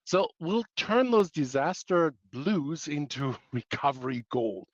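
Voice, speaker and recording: A man's voice: a little high, lively intonation, takes it slowly, no echo, highs cut off. A man presenting a webinar in a playful way, packed with pop-culture analogies and self-mocking asides.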